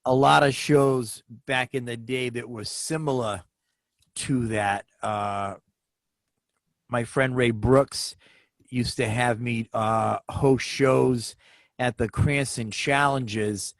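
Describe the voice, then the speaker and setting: A man hosting a comedy chat, recapping guests' stories in a playful, quick manner. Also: medium pitch, fairly even intonation, no room sound. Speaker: comedy host. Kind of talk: casual chat.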